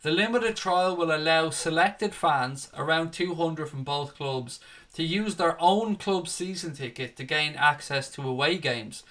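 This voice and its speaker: Bright-voiced matey football fan host. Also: male voice, on the high side, measured pace. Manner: matey, calls viewers mate and buddy. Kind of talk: live stream chat reading viewer comments.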